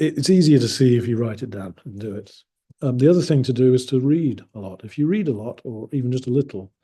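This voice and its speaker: A man's voice: mid-range voice, mellow, breathy edge. A man from England giving a casual spoken lesson as an English teacher, rambling and correcting himself with dry amusement.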